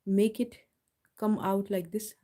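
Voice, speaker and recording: A woman teaching Quran recitation in a live online lesson. She patiently explains each rule step by step and slowly demonstrates the pronunciation. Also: medium pitch, level tone, warm tone. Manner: slow, drawn-out model recitation between explanations.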